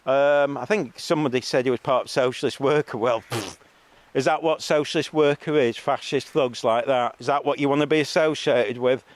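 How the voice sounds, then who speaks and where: A man's voice: mid-range voice, fairly quick. A man giving a rambling, scornful monologue to camera as a street video blogger, full of ums and mocking jibes. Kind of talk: ranting monologue.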